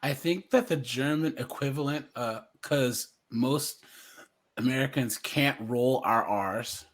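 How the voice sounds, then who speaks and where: A man hosting a casual livestream commentary, chatty and laughing often, jumping into high mimicking voices. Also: slow.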